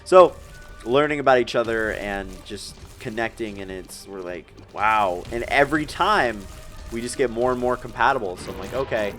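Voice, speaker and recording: A man's voice: medium pitch, moderate pace, a bit bright, faint music behind. An eighteen-year-old man telling a long personal story in a rambling, emotional way, with filler words and restarts. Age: young adult. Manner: rambling, emotional, tearing up with nervous laughs. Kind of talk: casual storytelling while gaming.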